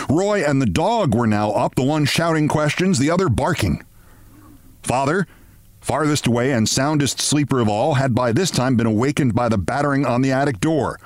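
A man hosting a podcast, reading a short story aloud in a measured, expressive way. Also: medium pitch, no echo. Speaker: podcast host.

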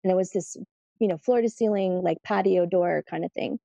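A woman recounting a personal story as an interview guest, rambling loosely with plenty of "like" and "um". Her voice is mellow and soft-edged, recorded close and dry. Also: lowish voice, fairly quick, gravelly, no echo. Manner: chatty, lots of fillers, "like" and "you know".

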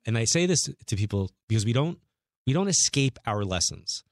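A man's voice: mid-range voice, fairly quick, dry recording. A middle-aged man, a guest medium, telling long stories in casual chat and acting out the people he quotes. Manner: animated storyteller, acts out quotes. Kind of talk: casual storytelling.

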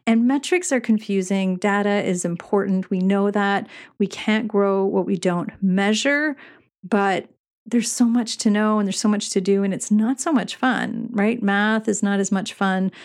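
A woman's voice: mid-range voice, measured pace. A middle-aged woman hosting a podcast, talking in a chatty, earnest way about running a shop, with many fillers and frequent laughs. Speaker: podcast host and retail business coach. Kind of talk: casual podcast monologue.

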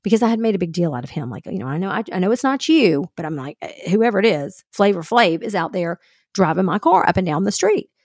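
With a fairly low, quick voice that has a breathy edge, a podcast co-host narrates a story in casual chat. She's an animated storyteller who acts out the quoted dialogue, recorded dry at studio quality.

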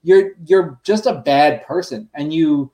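A man's voice: a little high, measured pace, mellow. A man on a podcast ranting bluntly, swearing often in casual chat.

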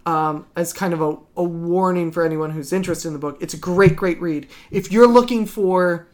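A man's voice: high voice, normal speed. Guy cohosting a podcast, eager and rambly, lots of ums and yeah yeah yeah. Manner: enthusiastic, rambling with many restarts and fillers. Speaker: podcast co-host. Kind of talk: casual chat about comics.

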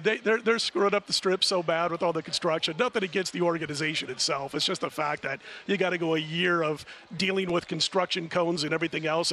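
A man's voice: fairly high pitch, slight background noise. A middle-aged man guesting on a sports betting radio show, rambling through stories in casual chat. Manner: rambling storyteller, chatty and animated.

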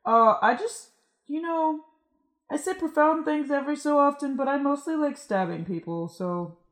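A woman's voice: high-pitched, animated, normal speed. A woman in a comedic audio drama who talks in a flippant, teasing way.

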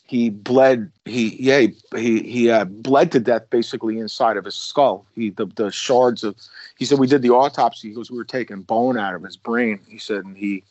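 A man's voice: mid-range voice, steady tone, moderate pace, darkish tone, dry recording, highs cut off. A man, a former police officer, casually telling a long story with many restarts and acted-out quotes. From United States.

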